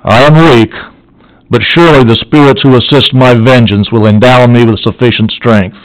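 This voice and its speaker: A man's voice: mid-range voice, steady tone, normal speed, no echo, lightly acted, poor audio. A man reading aloud as a dying male scientist, feverish and vengeful, in a grave, solemn manner. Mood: defiant. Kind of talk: audiobook reading.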